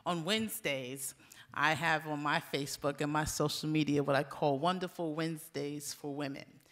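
A man giving a formal gala speech with warm greetings and a rhythmic, preacher-like cadence. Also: fairly high pitch, steady tone, moderate pace. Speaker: ambassador and gala speaker. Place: hotel ballroom.

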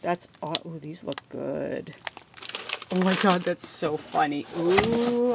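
A woman with a gravelly, slightly low voice gushes over each item as she unboxes a gift package at her home desk. Her home recording has steady background noise, with paper crinkling behind her words. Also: takes it slowly. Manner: gushing, effusive thanks. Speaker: crafting vlogger.

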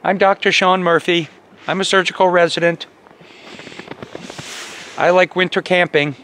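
A man putting on the voice of an earnest young male surgical resident, pitched above his own, while camping in snowy woods. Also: steady tone, unhurried, pushed and bright, slight background noise. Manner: talks in an odd put-on voice, higher than his own. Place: snowy woods campsite outdoors.

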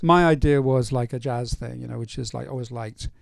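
An older male film director in a casual stage Q&A, telling anecdotes in a relaxed way with many fillers. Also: medium pitch, a little fast, creaky, no room sound, clean studio sound. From North East England. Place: cinema auditorium.

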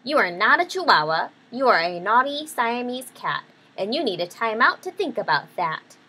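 A woman's voice: on the high side, sing-song, normal speed, sharp tone, slightly rough, full character voice. A woman voicing a firm, coaxing mother cat with a stern, scolding manner, read from a storybook.

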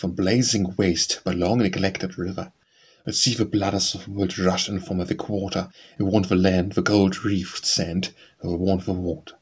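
The low, slightly husky voice of a man reciting poetry carries this audiobook. He moves through each verse steadily and evenly, his delivery flat and deliberate.

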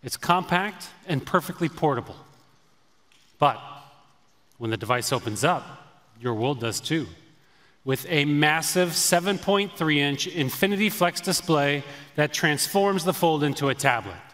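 Product presenter, man, slightly high voice, polished upbeat pitch, echoey hall. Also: animated, a little slow, a bit bright. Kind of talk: scripted product launch presentation. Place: large auditorium stage. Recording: echoey auditorium with long reverb.

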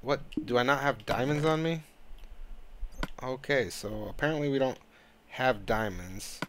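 A man of middle pitch talks over his own gameplay in casual let's-play commentary. He sounds annoyed and rambles, and he swears freely as he goes. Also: measured pace, a bit bright, a little hiss or hum. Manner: frustrated, rambling, swears a lot. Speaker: gaming channel host.

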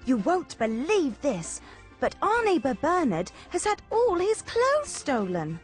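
A cheerful, lively flatmate. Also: female voice, sits high, slow, soft background music, full character voice. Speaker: sitcom character, narrator of her day. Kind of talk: scripted sitcom acting for English learners.

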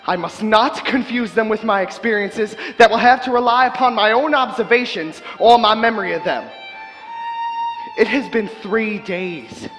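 A man's voice: sits high, fairly bright tone. An actor playing a frightened young male traveler reciting his journal on a theatre stage, earnest and anxious. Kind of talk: stage monologue narration. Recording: theatre reverb with violin underscore.

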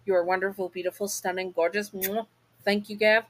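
A woman's voice: medium pitch, level tone, brisk, fairly bright tone, rough recording. A woman narrating a second-person fan story in a casual, chatty way, as the channel's host.

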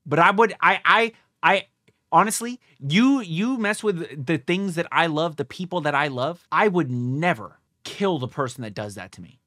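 A young man hosts a casual reaction video and thinks out loud as he watches. His voice sits a little high, swings widely in pitch and has a bright edge. He talks excitably, swears often and is recorded in a dry, close space. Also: no room sound.

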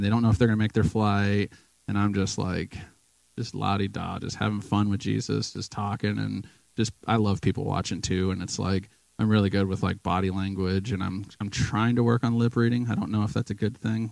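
A man's voice: lowish voice, creaky, a little mellow, no room sound, rough recording. A man sharing casual testimony stories in a church, acting out the people he quotes. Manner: storytelling, acts out quoted people. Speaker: guest speaker at church. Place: church sanctuary.

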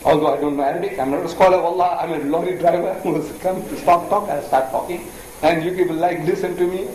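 Quick-talking older preacher in an echoey hall. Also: male voice, on the high side, a little hiss or hum. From India. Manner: animated storytelling with pointed questions to the audience. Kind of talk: public lecture.

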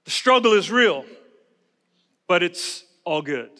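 A pastor preaching a conference sermon, emphatic and repetitive, calling on the audience to repeat words back. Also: male voice, high voice, expressive, slow, bright, forceful tone. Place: large conference hall. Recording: long reverb of a large hall.

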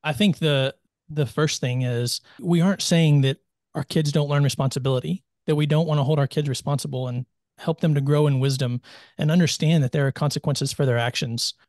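A man's voice: a little high, steady tone, a little fast, a little mellow, no room sound, studio quality. A man speaking as a podcast guest, earnest and reflective in casual conversation.

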